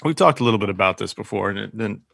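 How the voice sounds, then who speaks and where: A man's voice: on the low side, animated, racing, vocal fry, a bit bright, no echo, studio quality. A man in a casual podcast chat, asking questions in an easygoing way. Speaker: podcast co-host.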